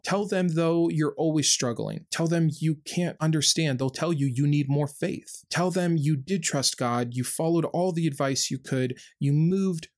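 Impassioned man giving reaction commentary. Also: on the high side. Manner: impassioned, earnest, critical. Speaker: host reacting to a video.

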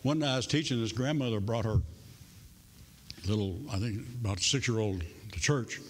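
A man preaching a sermon in a church in a folksy, humorous way, with soft music faintly behind him. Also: lowish voice, moderate pace, a little hiss or hum. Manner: folksy and humorous, playing out voices in stories. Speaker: pastor. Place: church sanctuary.

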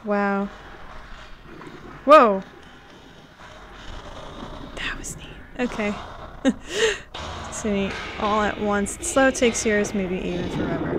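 A woman streams a game live and reads its text aloud, breaking off into excited gasps and laughs. Her voice sits at a middle pitch. A faint hum of room ambience runs underneath.

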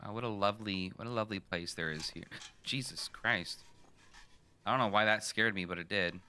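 A young man playing a horror game, joking, swearing and reacting loudly in casual commentary. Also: fairly low pitch, fairly quick, over music. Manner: joking, profane, loud reactions. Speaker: gaming streamer. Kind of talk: casual let's-play commentary.

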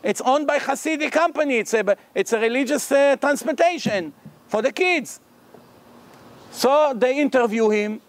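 A man with a very high voice gives a religious lecture in English, a language he did not grow up speaking. He tells a long story and voices each person in it, so his pitch and loudness swing widely between narration and their lines. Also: normal speed. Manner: animated, acts out the characters' lines in the story. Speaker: rabbi. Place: lecture hall.

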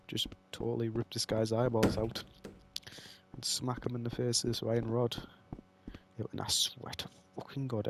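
A man's voice: medium pitch, slight background noise. A man doing let's play commentary, swearing and ranting at the game in mock fury. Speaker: gamer playing a horror game.

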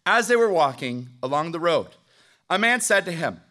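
High-voiced middle-aged pastor guy, emphatic, keeps asking for amens. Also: very animated, moderate pace, pushed and bright. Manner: emphatic, calls for amens from the congregation. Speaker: preacher. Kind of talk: sermon. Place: church sanctuary.

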